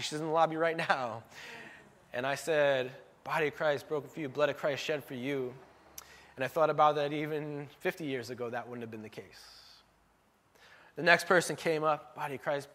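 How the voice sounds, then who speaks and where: A man's voice: fairly high pitch, a little fast, a bit bright. A man preaching a sermon, telling stories in an earnest, emotional way. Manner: emotional, earnest storytelling with laughs. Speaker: pastor.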